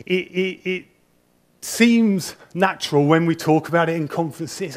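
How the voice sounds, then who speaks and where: A man's voice: fairly high pitch, measured pace. A nervous man giving a conference talk on stage into a handheld microphone, telling stories in a chatty, self-deprecating way with frequent restarts. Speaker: conference speaker. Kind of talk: conference presentation, anecdotal storytelling.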